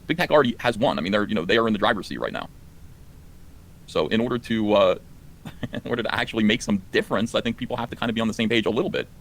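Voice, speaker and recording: A man's voice: on the low side, animated, rapid-fire. A man reacting to clips on a live stream, exasperated and ranting, his voice climbing when indignant. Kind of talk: heated live stream commentary.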